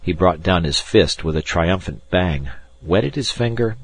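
A man narrating an audiobook in a very low, husky voice. His delivery is lively and full of rise and fall, and the recording is close and dry. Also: dry recording. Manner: unhurried storytelling, voicing each character.

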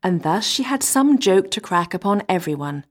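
A woman reading a fairy tale aloud in a measured, expressive manner. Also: mid-range voice. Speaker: storyteller.

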